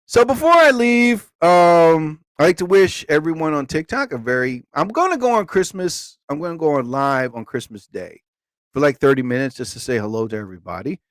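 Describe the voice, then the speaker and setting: Man, live stream host, casual, rambling, jokey, high voice, dry sound. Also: very animated, fairly quick, no echo. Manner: rambling, jokey, talks to viewers.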